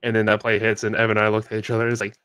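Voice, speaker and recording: Young man, low voice, dry close sound, rambling casual podcast chat, lots of ums. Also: completely flat delivery, racing, a bit bright, clear, resonant tone, no echo. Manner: rambling storyteller, many fillers and restarts. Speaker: podcast co-host.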